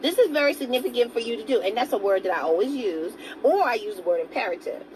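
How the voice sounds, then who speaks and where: A woman's voice: on the high side, lively intonation, fast talker, darkish tone, a little hiss or hum, low-quality recording. A woman giving a motivational talk to camera as a self-help vlogger. She speaks earnestly and coaxingly, asks viewers direct questions and greets some of them by name.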